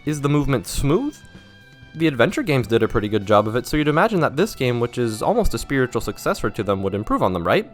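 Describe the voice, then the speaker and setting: A man's voice: medium pitch, very animated, quick pace, faint music behind. A young man narrating a scripted video essay about a game, sarcastic and self-mocking, with wry asides.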